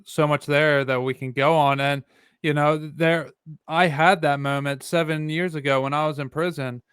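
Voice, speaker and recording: A man's voice: fairly high pitch, fairly even intonation, normal speed, fairly bright tone, smooth, dry recording, studio quality. A man hosting a podcast, responding in an earnest, reflective way and often restarting his sentences. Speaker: podcast host. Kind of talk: casual interview chat.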